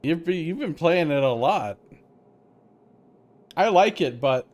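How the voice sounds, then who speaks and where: A young man casually commentating a live-streamed game and chatting with viewers, relaxed and rambling. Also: fairly high pitch, slow pace, highs cut off.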